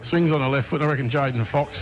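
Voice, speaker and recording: An Australian man calling a local football match play by play, quick and chatty, from a commentary box at the ground. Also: medium pitch, lo-fi sound. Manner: quick, chatty, easy laughs.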